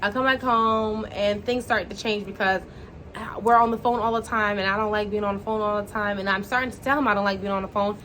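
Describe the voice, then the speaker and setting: A woman vlogger telling a dating story in a blunt, profane, animated way, acting out the dialogue as she goes. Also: mid-range voice, a little fast. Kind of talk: casual storytime monologue. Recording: faint background noise.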